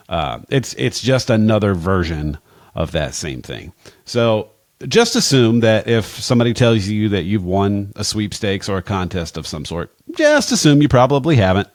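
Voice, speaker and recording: A man with a lowish voice talks through everyday money risks in a plainspoken, wry way. He drops in casual asides. The sound is close and dry, with no room around it. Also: very animated, moderate pace, dry recording. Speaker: financial advisor, podcast guest expert. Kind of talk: casual conversational advice.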